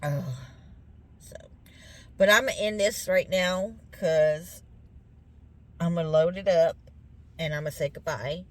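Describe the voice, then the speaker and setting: A woman's voice: fairly low pitch, slow pace, pauses often. A middle-aged woman with a Southern US accent, chatting casually to her viewers as y'all, her voice a bit congested from sinus drainage. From Louisiana, US. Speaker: vlogger.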